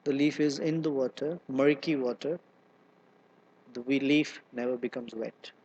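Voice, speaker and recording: Leading a Bhagavatam class, a man from outside America chants Sanskrit verses and explains them in a relaxed way full of humor and side remarks. His medium-pitched voice is steady, unhurried, slightly mellow and husky, captured on a lo-fi recording.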